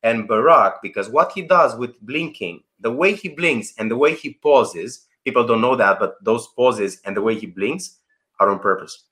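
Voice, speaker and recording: Bright-voiced animated man coaching. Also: mid-range voice, moderate pace. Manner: animated, emphatic, acts out anecdotes. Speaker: guest, presentation coach. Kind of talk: conversational interview over video call.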